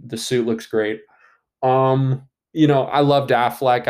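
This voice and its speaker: A man giving casual solo commentary on an upcoming movie, rambling with many fillers and restarts and swearing casually. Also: medium pitch.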